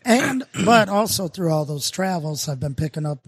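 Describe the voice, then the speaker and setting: A man's voice: a little high, lively intonation, normal speed, breathy edge, dry recording. A middle-aged man from Minnesota, a brewer guest chatting casually and telling rambling, self-deprecating stories with lots of fillers. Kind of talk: casual podcast chat.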